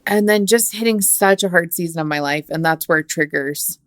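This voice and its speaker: A woman with a slightly low voice reflects on a podcast in a thoughtful, conversational way. She often pauses to find her words. Her voice sounds close and dry. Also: no room sound. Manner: thoughtful, conversational, frequent "you know". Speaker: podcast co-host.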